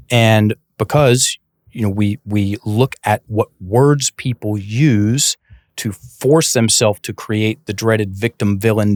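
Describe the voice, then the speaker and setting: Animated man telling a coaching story. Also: on the low side, no room sound, clean studio sound. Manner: animated, many restarts, acts out quoted dialogue. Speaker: guest, breathwork and mindset coach. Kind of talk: casual conversational storytelling.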